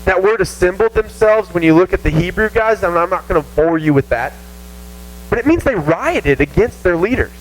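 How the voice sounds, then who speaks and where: Southern man, youth pastor, high lively voice, casual self-mocking sermon, faint hum. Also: moderate pace, rough recording. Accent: Southern American. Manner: animated, self-mocking, acts out whiny voices. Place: church youth room.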